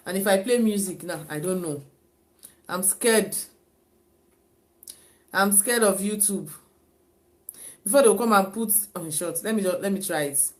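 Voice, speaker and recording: Woman vlogger, casual live-stream chat, talkative, repeats herself, mid pitch. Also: unhurried, pauses often. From Africa. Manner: chatty, repeats herself, laughs and sighs often.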